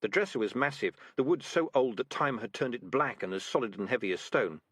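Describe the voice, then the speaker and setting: A man reading a comic fantasy novel aloud as narrator, with lively storytelling. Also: medium pitch, a little fast, husky, no room sound. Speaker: audiobook narrator. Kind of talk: scripted narration.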